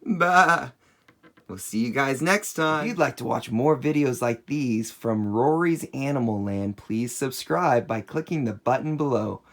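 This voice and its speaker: A woman presenting a children's educational story video, talking in an animated way with gasps of surprise and imitating animal sounds. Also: very deep voice, normal speed, few pauses.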